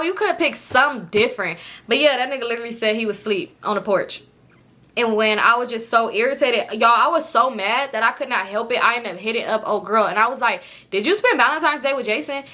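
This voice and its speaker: A young woman, telling a story to her viewers in an animated, profane, casual way. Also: a little high, brisk. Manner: animated, profane, quotes people in lively voices.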